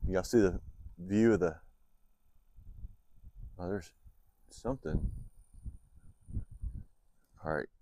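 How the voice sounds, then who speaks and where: A man with a drawl and a very low, deep voice talks easily to his viewers from an outdoor campsite. He's chatty and relaxed, sniffling a little in the cold morning air. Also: takes it slowly, long pauses, dry recording. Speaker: vlogger. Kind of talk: casual outdoor vlog talk.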